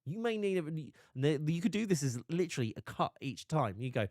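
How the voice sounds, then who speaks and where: A man's voice: fairly high pitch, sing-song, fairly quick, hardly any pauses, darkish tone, no room sound, studio quality. A man streaming live, chatting casually and animatedly, often restarting and laughing.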